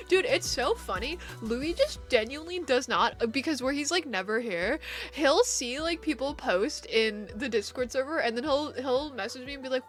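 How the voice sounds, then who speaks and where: A young woman streaming and chatting casually with viewers, animated and rambling, laughing often. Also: high-pitched, normal speed, faint music behind.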